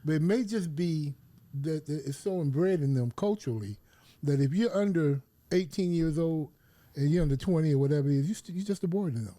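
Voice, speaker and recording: A man on a podcast pushes back firmly in casual discussion. His voice is slightly high and mellow, and it is recorded dry and close. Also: fairly quick, dry recording. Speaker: podcast co-host.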